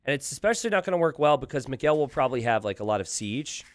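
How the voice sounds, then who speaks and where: A man casting a live strategy game, thinking aloud with animated asides to his viewers. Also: mid-range voice, quick pace, no room sound. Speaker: game caster.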